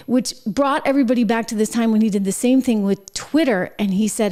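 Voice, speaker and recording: A woman's voice: a little high, fairly quick, few pauses, dark tone. A middle-aged woman hosting her own show, giving chatty political commentary with wry asides and frequent laughs. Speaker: show host.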